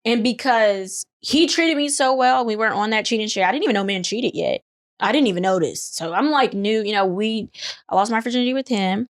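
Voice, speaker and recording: A young adult woman co-hosting a casual chat, telling stories in an animated way, acting out quotes with big jumps in pitch and laughter. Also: fairly quick, no room sound, clean studio sound. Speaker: podcast co-host.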